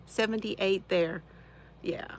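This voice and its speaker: Slow-talking woman chatting with viewers. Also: mid-range voice, fairly even intonation, a little hiss or hum, low-quality recording. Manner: chatty, warm greetings to viewers by name, frequent laughter. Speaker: crafting channel host. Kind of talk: casual live-stream chat with viewers. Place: home, seated in her chair.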